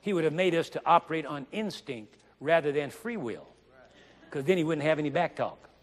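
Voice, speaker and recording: A male preacher delivering a sermon, with dramatic, drawn-out emphasis and joking asides. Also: a little high, animated, long reverb tail.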